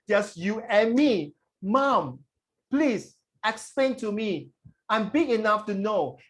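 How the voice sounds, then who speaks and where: A man's voice: high-pitched, pitched above the performer's own voice. A man voicing a young daughter who pleads with and questions her mother. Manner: whiny, pleading.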